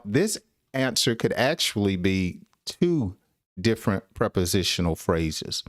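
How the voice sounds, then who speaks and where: A man with a fairly low voice teaching English phrases at an unhurried, deliberate pace. He laughs often and acts out short example dialogues, and the recording is dry and close. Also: dry recording. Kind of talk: English lesson live stream.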